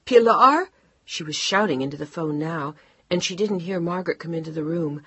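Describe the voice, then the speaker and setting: Frantic mother shouting into a phone, strained and husky, voiced by a female narrator. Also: low-pitched, steady tone, brisk, no echo.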